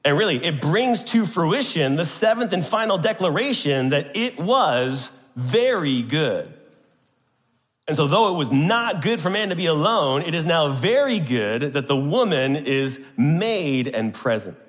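A man delivers a sermon from a church sanctuary, his voice sitting a little high for a man. He presses his points hard and keeps throwing rhetorical questions at the congregation. The sound carries a long reverb from the big room. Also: lively intonation, measured pace. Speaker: preacher.

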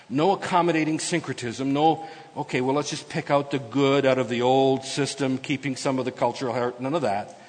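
A man preaching a sermon, moving between quiet asides and loud, emphatic proclamation as he explains a scripture passage. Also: on the high side, big-room sound. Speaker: pastor.

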